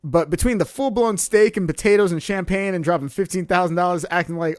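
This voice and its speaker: A young man with a slightly high voice tells a story on a podcast, laughing often and acting out the people in it. The sound is dry and close, with no room behind him. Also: a little fast, dry recording. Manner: animated, laughs often, acts out quotes. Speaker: podcast co-host. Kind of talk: casual storytelling chat.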